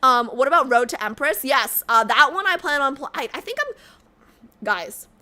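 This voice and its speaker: A woman streams and talks casually with her chat in a fairly high, bright voice. She rambles with constant "like"s. Her pitch swings widely when she flares into a rant. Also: animated, moderate pace. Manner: rambling, heavy use of "like", flares into loud rants.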